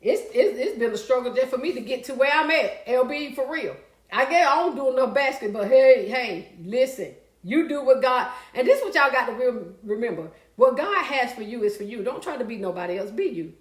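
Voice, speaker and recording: A lively woman, high and bright, chatting away on a live stream. Her voice rings around an echoey room as she reads comments aloud and answers them in a loose, excitable way. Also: moderate pace. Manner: lively, chatty, breaks into song and laughter. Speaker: livestream host reading viewer comments. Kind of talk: casual live-stream chat.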